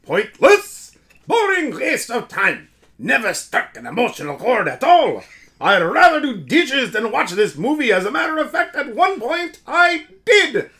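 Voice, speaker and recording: A man putting on a German accent to voice a sour, grumpy online movie reviewer, loud and exaggerated. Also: very high-pitched, huge pitch swings, measured pace, voice pushed up, heavily acted. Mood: disgusted.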